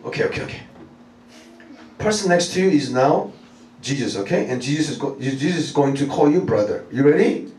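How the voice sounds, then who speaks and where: A man in his thirties preaching a lively sermon, animated and laughing, repeating phrases and calling out to the congregation. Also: mid-range voice, brisk. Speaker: pastor. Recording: echoey room, mic at a distance, faint noise.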